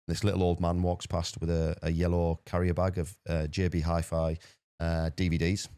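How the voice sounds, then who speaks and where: A man's voice: sits low, smooth, no echo. A man from the UK, a podcast guest telling a story in a casual way, with many repeated words. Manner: rapid, animated anecdote-telling with repeated words.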